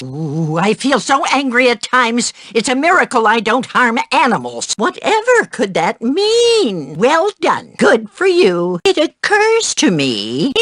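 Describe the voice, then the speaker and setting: A prim, power-hungry dorm matron scolds and muses in a game voice. Her pitch swoops widely and she speaks slowly and precisely. The tone is bright and the recording dry. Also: no echo, full character voice. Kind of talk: video game voice acting.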